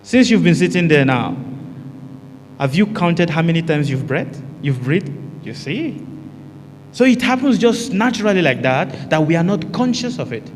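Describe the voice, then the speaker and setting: A man's voice: fairly high pitch, lively intonation, moderate pace, big-room sound, a little hiss or hum. A man teaching a meditation class, often asking the group rhetorical questions and answering them himself, and repeating key phrases for emphasis. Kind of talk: spiritual teaching talk to a group.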